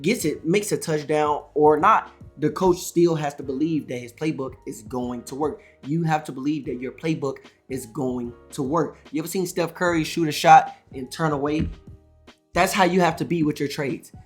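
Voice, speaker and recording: A man's voice: a little high, moderate pace, soft background music. Amped-up, rambling male trading vlogger. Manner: energetic, rambling, self-correcting, says "all right" and "you know" a lot. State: amped up on coffee. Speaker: day trading YouTuber. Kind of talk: casual to-camera trading advice.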